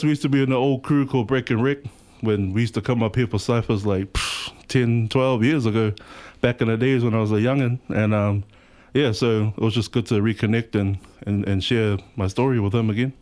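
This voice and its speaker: A man in his thirties with a New Zealand accent, a rapper chatting as a guest in a radio studio, relaxed and rambling with lots of fillers. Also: mid-range voice, fairly quick. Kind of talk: casual interview chat.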